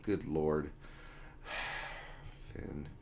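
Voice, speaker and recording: A man's voice: very deep voice, fairly even intonation, extremely slow, creaky, slight background noise. A man hosting a casual livestream, reading out chat names and greetings in a loose, joking way. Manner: reads chat names aloud, jokey and loose. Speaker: livestream host.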